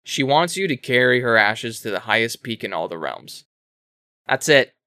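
A man co-hosting a casual talk show, retelling a story in a rambling, animated way with self-corrections and swearing. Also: mid-range voice, moderate pace, dry recording, studio quality. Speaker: podcast co-host explaining a game. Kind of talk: casual chat.

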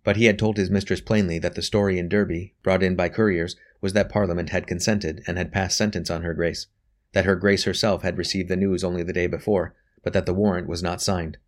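Guy reading an audiobook, really low voice, steady and even. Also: brisk. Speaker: audiobook narrator. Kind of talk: scripted narration.

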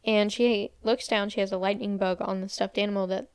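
A young woman talks a little fast in a clear, resonant, medium-pitched voice with fairly even intonation. As a podcast co-host, she gives a casual movie recap, quoting characters and using "like" a lot. The recording is studio quality with no room sound.

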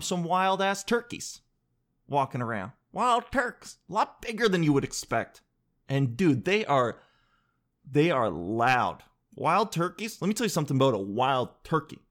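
Rambling, joking man with a higher voice. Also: big pitch swings, moderate pace, a bit bright. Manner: rambling, joking, self-interrupting, swears casually. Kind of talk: casual comedic storytelling monologue.

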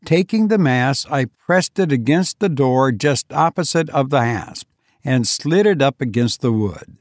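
A man reading an audiobook aloud in a measured, deliberate way. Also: medium pitch, animated, no room sound, studio quality. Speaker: narrator. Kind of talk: audiobook narration.

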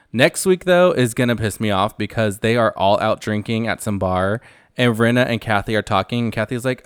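A man's voice: lowish voice, clear, resonant tone, no echo, clean studio sound. A man hosting a casual reality TV recap, chatty and gossipy, acting out what the cast members say.

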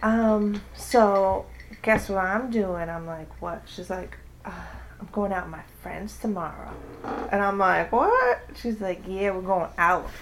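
Animated woman telling a funny story. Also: unhurried, slight background noise. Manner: acts out quotes with big pitch jumps. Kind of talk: casual chat, animated storytelling.

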